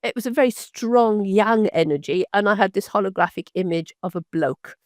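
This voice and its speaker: A woman's voice: medium pitch, no echo. An older woman from Britain tells long anecdotes in a guest interview. Her delivery wanders, with plenty of false starts and repeated words. The sound is close and dry, with no room in it. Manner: rambling, halting with many restarts. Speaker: physician guest. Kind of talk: storytelling interview.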